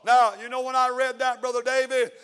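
High-voiced Southern preacher in a reverberant church. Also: male voice, completely flat delivery, fairly quick, a bit bright, smooth. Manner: preaches in rising bursts, calls out church members by name. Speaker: pastor. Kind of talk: sermon. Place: church sanctuary. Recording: long hall reverb in a church.

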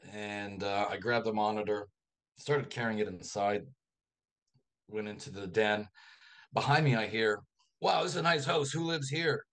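A male author, a guest on a radio interview, telling a long anecdote in a lively raconteur's manner. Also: on the low side, clear, resonant tone. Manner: lively raconteur, acts out quoted voices.

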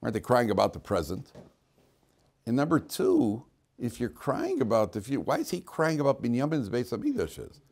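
A man's voice: mid-range voice, huge pitch swings, moderate pace, vocal fry, a little mellow. A man teaching a class as a rabbi, talking informally, questioning students and cracking jokes, with frequent restarts.

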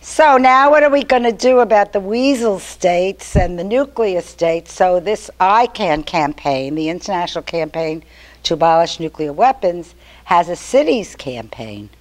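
A woman's voice: on the low side, measured pace. An older woman giving a chatty, storytelling talk to an activist meeting. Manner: chatty, storytelling, animated quotes. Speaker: activist speaker.

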